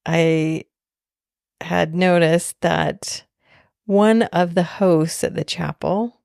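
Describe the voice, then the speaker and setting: A woman podcast host telling a personal story in a slow, heartfelt, soft-spoken way. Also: fairly low pitch, gravelly, clean tone, no echo, clean studio sound.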